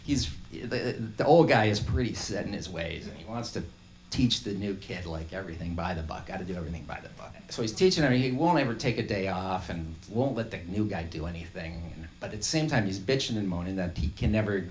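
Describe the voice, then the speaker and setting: Musician guy, lowish voice, chatty and laughing thru a long joke at an intimate gig. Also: expressive, a little fast, a little hiss or hum. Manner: rambling, laughing as he tells a joke. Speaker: musician and storyteller. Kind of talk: live storytelling between songs. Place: small intimate live music venue.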